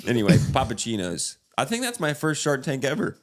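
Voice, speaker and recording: A man's voice: mid-range voice, huge pitch swings, a little fast, a little hiss or hum. A young man co-hosting a comedy podcast, rambling and laughing as he trails off mid-sentence. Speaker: podcast co-host. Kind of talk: casual comedic banter.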